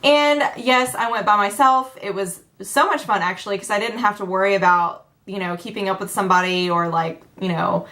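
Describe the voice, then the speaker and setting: A woman's voice: a little fast, few pauses, a bit bright. Young woman beauty vlogger, from Tennessee, bubbly casual chat, mid-range voice. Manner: bubbly, chatty, acts out quotes with big pitch jumps.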